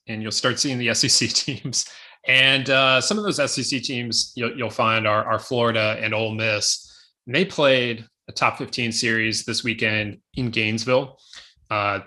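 A man co-hosting a podcast, talking casually with quick asides. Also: lowish voice, bright, forceful tone. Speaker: podcast co-host. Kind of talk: casual sports chat.

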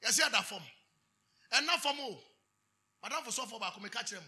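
A man with a Ghanaian English accent preaching a sermon, moving between chanted shouted declarations and quiet storytelling. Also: very high-pitched, animated, a little fast, slightly rough.

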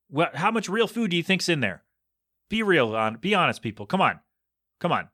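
A man's voice: sits high, big pitch swings, a little fast, bright, forceful tone, no echo, studio quality. A man hosting his own podcast, rambling casually and jokingly on his own. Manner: chatty, jokey, rambling. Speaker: podcast host.

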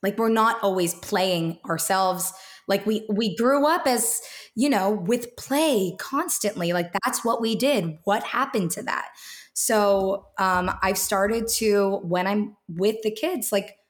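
A woman's voice: mid-range voice, slow pace. A woman in her thirties, a podcast guest talking casually with many restarts and fillers. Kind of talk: casual interview talk.

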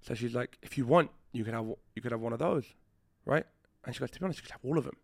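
A man's voice: mid-range voice, very fast, gravelly, no room sound, studio quality. A man telling a story on a podcast in casual chat, swearing freely and acting out the other people's lines. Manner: animated storyteller who acts out quoted dialogue. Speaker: podcast host.

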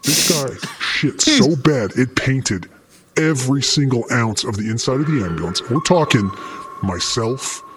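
A man, a paramedic, telling a story in an energetic, profane way and speaking straight to the listener. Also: mid-range voice, a little slow, a little hiss or hum. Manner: energetic, swears freely, addresses the listener directly.

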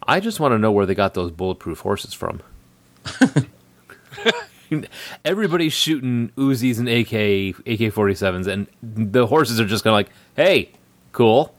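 A man's voice: lowish voice, animated, normal speed, no room sound. Man rambling through a movie recap. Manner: rambling, laughs often, many ums. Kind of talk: casual movie recap chat.

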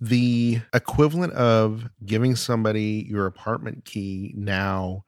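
A man's voice: lowish voice, steady tone, unhurried, no room sound, studio quality. A man hosting a podcast in casual chat, reading news articles aloud with playful mock drama. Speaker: podcast host.

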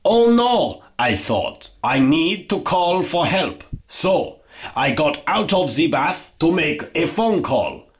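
A man putting on a heavy foreign accent for a joke, speaking slowly and theatrically as a man who cannot say W. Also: on the high side, sing-song, pitched above the performer's own voice. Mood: dramatic. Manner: slow, exaggerated put-on accent.

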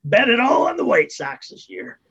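A man playing a tabletop game, joking and excitable. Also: extremely high pitch, normal speed, vocal fry, slightly rough, lo-fi sound. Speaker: player. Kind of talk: casual tabletop game play.

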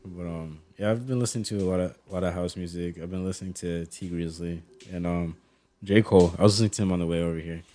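Deep mellow-voiced guy talking fast about music. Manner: low-key, relaxed opinions. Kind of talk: casual chat.

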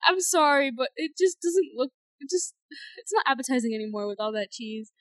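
Teen girl, podcast co-host, higher-pitched, dry close sound, giggly and rambling. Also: lively intonation, a little fast, a bit bright, no room sound. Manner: chatty, filler-heavy, giggly. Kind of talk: casual chat.

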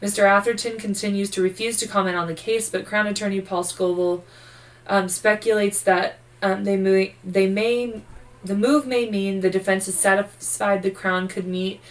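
Reading from case notes on a true-crime podcast, a tired, yawning woman co-host narrates loosely, swearing and joking along the way. She speaks at normal speed with a steady, medium-pitched voice, captured poorly on a distant mic.

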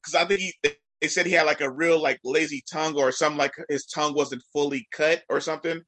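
A man chats casually, piling up fillers as he rambles through his story. His voice is bright and a little nasal, with a congested edge. The room is dry and close. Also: fairly high pitch, steady tone, quick pace, no echo. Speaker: educator. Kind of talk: casual podcast chat.

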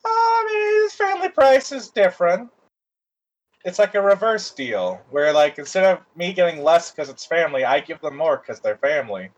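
High-voiced man rambling through a plot. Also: sing-song, normal speed, lo-fi sound. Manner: rambling, loose, swears freely, many fillers. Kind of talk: casual chat retelling a movie plot.

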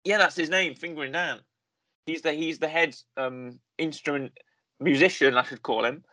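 A man's voice: on the high side, normal speed, sharp tone, no room sound. A man hosting a casual review conversation, talking in a rambling way and often correcting himself with fillers. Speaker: podcast host reviewing a series.

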